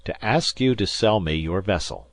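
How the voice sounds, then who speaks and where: A man voicing a cool, precise English gentleman who speaks with calm, measured authority in an audiobook. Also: sits low, no echo. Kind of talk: audiobook character voice.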